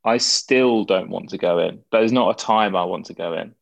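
A man's voice: sits low, normal speed, gravelly, no echo, muffled recording. A young man, a guest in a casual interview, talking in a rambling way with many fillers and restarts.

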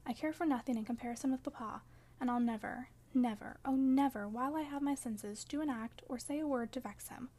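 A woman's voice: high voice, brisk, warm tone. A woman reading the part of an earnest, devoted teenage girl in an audiobook reading. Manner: earnest, pleading.

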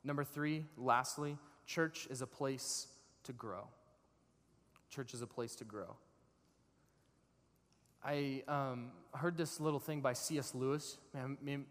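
A man in his thirties preaching a sermon to a congregation, switching into lively storytelling with voiced characters. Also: medium pitch, moderate pace. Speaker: pastor. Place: church sanctuary. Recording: long reverb of a large hall.

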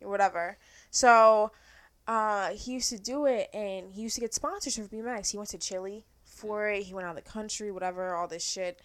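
A young woman talking fast and animatedly in a casual podcast chat, swearing often. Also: medium pitch, clear, resonant tone. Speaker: podcast co-host.

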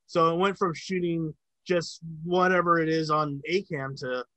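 A man's voice: on the high side, moderate pace, pushed and bright, dry recording, rough recording. A man in casual chat, telling a long story about working sound on a film set, with lots of filler words and swearing.

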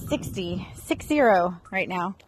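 A woman in her thirties from Florida, chatting casually to her viewers in an expressive vlog, recorded outdoors. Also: on the low side, a little slow, faint music behind, poor audio. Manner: chatty and expressive, rising into excited bursts. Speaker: vlogger.

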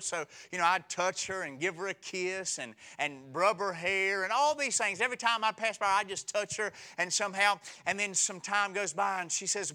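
A man in his forties preaches with a high, bright voice. He drifts into humorous stories about married life, talking to the congregation in a conversational tone. His delivery is lively and direct. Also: moderate pace, hardly any pauses. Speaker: pastor. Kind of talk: sermon.

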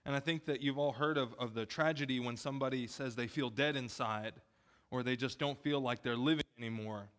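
Male preacher, casual and talky, bright tone, wanders into funny asides. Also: medium pitch, fairly quick. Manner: chatty, self-deprecating asides. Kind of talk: casual sermon. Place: church gym.

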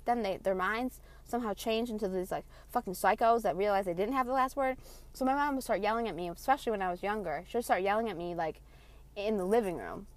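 A woman ranting casually in a vlog, cursing freely and telling a story about her loud mother. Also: medium pitch. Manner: profane, animated storytelling with loud imitations. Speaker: vlogger. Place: in her parked car.

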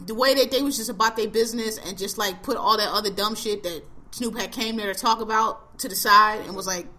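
A woman's voice: medium pitch, fairly quick, hardly any pauses, bright, forceful tone. A woman hosting a podcast, chatting casually about a TV show in blunt, profane slang and laughing often. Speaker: podcast host. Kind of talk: casual chat reviewing a TV show.

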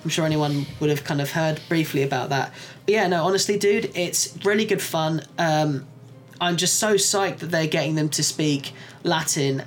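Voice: mid-range voice, slight background noise. A podcast co-host in casual chat, enthusiastically recommending a show, swearing freely and using lots of fillers. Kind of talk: casual chat reviewing shows.

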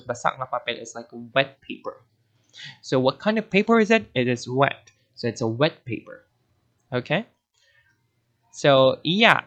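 A man's voice: on the high side, fairly bright tone. Man teaching, rambling explanations. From Philippines. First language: Cebuano. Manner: rambling and self-correcting, often digresses. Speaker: language teacher. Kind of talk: explanatory language lesson.

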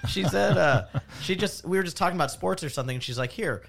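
A man who is a guest comedian on a podcast, telling a self-deprecating anecdote in an animated, casual way with bursts of laughter. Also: high voice, quick pace, gravelly, a little hiss or hum.

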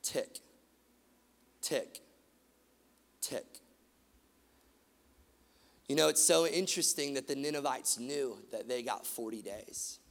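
A man preaching a sermon, animated, swinging from loud emphatic lines to quiet, hushed ones. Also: medium pitch, normal speed, vocal fry, hardly any pauses. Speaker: pastor. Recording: long hall reverb.

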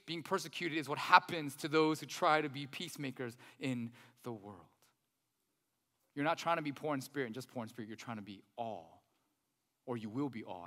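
A man in his thirties preaching a sermon as pastor, animated, with joking asides to the congregation. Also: a little high. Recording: reverberant hall.

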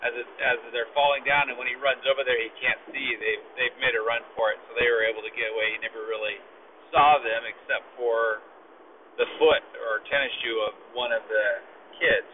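A man's voice: medium pitch, flat delivery, brisk. Rambling, profane man on a phone-like line. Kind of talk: casual storytelling. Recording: phone-like lo-fi with faint noise.

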